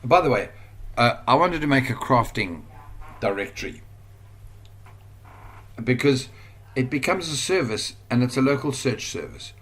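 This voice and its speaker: A man with a South African accent talks through an online business lesson while sharing his screen. He thinks aloud and rambles, then gets suddenly excited. His voice sits at an ordinary middle pitch. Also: a little slow, long pauses, husky. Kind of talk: casual screen-share tutorial.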